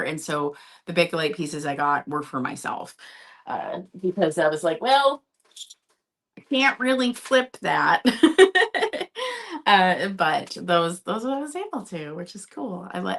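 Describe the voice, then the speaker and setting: A woman's voice: lowish voice, a bit bright. A woman from Minnesota hosting a live vintage sale, chatting casually, laughing often and talking to her cat. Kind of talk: live-stream selling chat.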